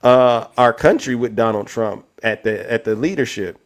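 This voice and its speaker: A male livestream host with a mid-range voice at normal speed argues with callers and talks directly to his chat. His manner is combative as he addresses both the chat and the wider audience.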